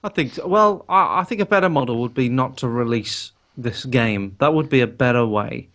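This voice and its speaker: A man's voice: medium pitch, normal speed, fairly bright tone. A man from the Midlands, chatting on a gaming podcast in a hesitant way, restarting his sentences often. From English West Midlands. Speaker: podcast co-host. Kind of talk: casual gaming chat.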